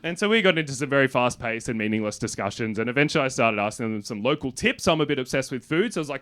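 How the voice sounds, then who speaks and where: An Australian comedian spins a stand-up story in a loose, chatty way, throwing in the odd swear. His voice sits at a middling pitch. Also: animated, racing, hardly any pauses, a bit bright. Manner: casual, swearing, conversational.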